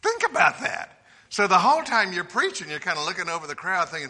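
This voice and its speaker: Bright-voiced preacher in a ringing hall. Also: male voice, high voice, moderate pace. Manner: lively, folksy, humorous anecdotes. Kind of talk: sermon with storytelling. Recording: reverberant hall.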